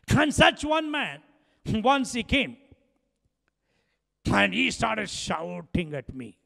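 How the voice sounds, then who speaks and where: A man's voice: very high-pitched, gravelly, fairly bright tone, long reverb tail. A man preaching a sermon, telling a story with frequent laughs and acting out both sides of a conversation.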